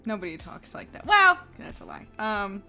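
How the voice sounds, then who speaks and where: A woman's voice: mid-range voice, sing-song, normal speed, sharp tone, faint music behind. A woman with a New Jersey accent, chatting casually as a player on a tabletop game stream, rambling with lots of fillers and laughter. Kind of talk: casual chat.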